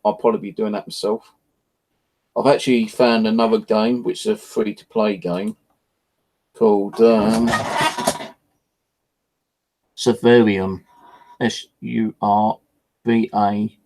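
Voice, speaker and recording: A low, gravelly man talks in a loose, rambling way, full of swearing and frustration. His voice sits dark and mellow, like a casual evening chat recorded at home. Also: poor audio. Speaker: vlogger. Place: at home, indoors.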